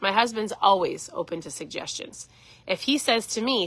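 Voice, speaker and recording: A woman's voice: mid-range voice, normal speed, bright, forceful tone, dry recording. A woman in her forties, a keto coach, chatting earnestly on a casual live stream.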